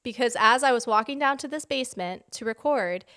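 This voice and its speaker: A woman co-hosting a podcast in casual chat, telling animated stories and acting out quotes. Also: fairly high pitch, fairly quick, smooth. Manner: animated storyteller, acts out quotes. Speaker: podcast co-host. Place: home basement.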